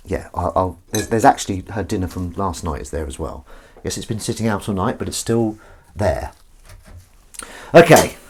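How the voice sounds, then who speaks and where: A man's voice: fairly low pitch, fairly bright tone, slight background noise. Rambling, chatty man washing up. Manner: rambling, chatty, talks to viewers and his cat, sings little tunes. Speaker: live-stream host. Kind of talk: casual live-stream chat while washing up. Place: home kitchen.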